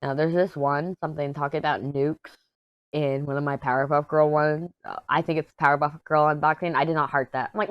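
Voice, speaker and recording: A low-pitched woman talks through her crafting vlog in a hoarse, tired voice. She rambles and pokes fun at herself with little energy. The sound is dry and close. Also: fairly even intonation, normal speed, no room sound. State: hoarse, worn out. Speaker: crafting YouTuber. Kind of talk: casual chat while diamond painting.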